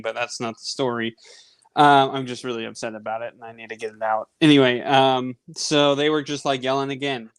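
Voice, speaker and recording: Male podcast host, thirties, mid-pitched and clear-toned, telling a loose, filler-heavy story. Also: no room sound. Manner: rambling, animated anecdote with many fillers. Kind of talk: casual storytelling.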